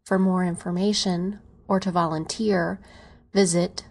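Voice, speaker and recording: A woman narrating an audiobook in an even, measured reading voice. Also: on the low side. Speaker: volunteer audiobook reader.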